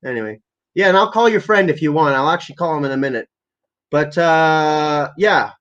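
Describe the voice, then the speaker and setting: A man's voice: a little high, normal speed, a bit bright, dull audio. A man ranting live on a stream, swearing heavily in an aggressive, rambling way. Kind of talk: profane livestream rant.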